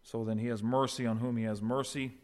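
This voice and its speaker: A man preaching an expository sermon as pastor, swinging between quiet, low passages and loud, raised ones. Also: little pitch movement, fairly quick. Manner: swings from quiet to loud, acting out quoted voices.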